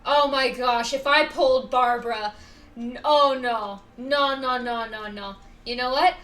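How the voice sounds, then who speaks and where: A woman's voice: high voice, unhurried, fairly bright tone, far from the mic. A woman live-streaming a game, talking dramatically to her viewers, pleading and wailing over her luck. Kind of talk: casual live-stream chatter while gaming.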